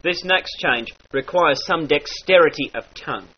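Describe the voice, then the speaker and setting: A man teaching the sounds of an old-style dialect, with slow demonstrations and mock-archaic phrasing. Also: a little high, breathy edge. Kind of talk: instructional lesson with example phrases. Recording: dull lo-fi recording.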